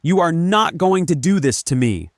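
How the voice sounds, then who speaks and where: A man's voice: on the low side, moderate pace, warm tone, dry recording, studio quality, lightly acted. A man voicing a jealous wife who screams and curses accusations. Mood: furious.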